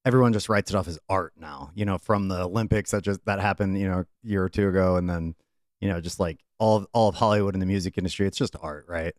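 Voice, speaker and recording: A man's voice: low voice, quick pace, no echo, clean studio sound. A man hosting a reaction video, speaking earnestly and straight to his viewers. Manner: earnest, addresses viewers directly. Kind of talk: reaction commentary.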